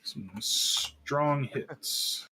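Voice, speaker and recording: A man running a tabletop game as dungeon master, making brisk, easygoing rules calls. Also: a little high, pushed and bright.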